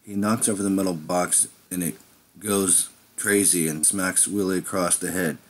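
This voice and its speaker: A man's voice: low-pitched, fairly even intonation, moderate pace. A man telling an improvised first-person story in a rambling way, with slips and restarts.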